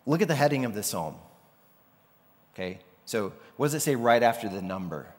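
A man gives a relaxed, conversational sermon at a middle pitch. His voice rings out with a long reverb tail from a large hall. Now and then he slips into the voices of the people he quotes. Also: a little fast. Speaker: pastor.

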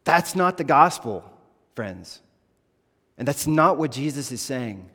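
A man's voice: medium pitch, big pitch swings, slow, pushed and bright, breathy edge. A man in his thirties, a pastor preaching a sermon in an earnest, conversational way, acting out quoted asides. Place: church sanctuary. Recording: reverberant church hall.

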